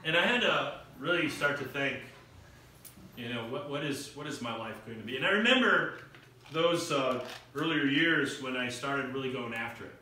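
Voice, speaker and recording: Bright-voiced preacher in an echoey hall. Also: male voice, mid-range voice, lively intonation, moderate pace, slight background noise. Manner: storytelling with acted quotes and rising emphasis. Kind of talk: sermon. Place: church hall. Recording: echoey room picked up from far off.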